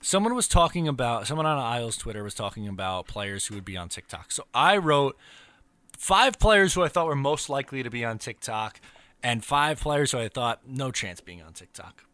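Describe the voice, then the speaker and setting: Animated bright-voiced man hosting a podcast. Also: mid-range voice, moderate pace, smooth, no room sound. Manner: lively, wry, enthusiastic sports fan. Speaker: podcast host. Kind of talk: casual podcast chat. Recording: dry close mic.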